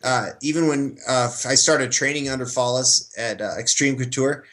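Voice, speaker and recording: Relaxed man with a middle-range voice. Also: mid-range voice, moderate pace. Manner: relaxed, hesitant with fillers. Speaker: fighter. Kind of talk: casual sports interview.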